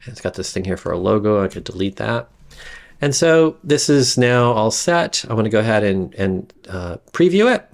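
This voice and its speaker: A man giving a casual screen-recorded software tutorial, rambling with frequent fillers and restarts. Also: fairly low pitch, big pitch swings, moderate pace, vocal fry. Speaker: instructor demonstrating software.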